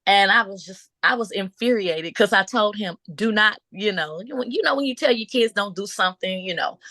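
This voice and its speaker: A middle-aged woman from Buffalo, New York, a business owner telling her story in a casual interview, with lots of ums and restarts and lively acted-out quotes. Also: mid-range voice, normal speed, no room sound. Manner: animated storyteller, acts out quotes, laughs often; frequent um fillers and restarts.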